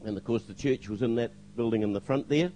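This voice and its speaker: A man's voice: medium pitch, fast talker, dark tone, a little hiss or hum, poor audio. An older man giving a spoken testimony to a church congregation, hesitant with fillers, now and then acting out the lines he quotes.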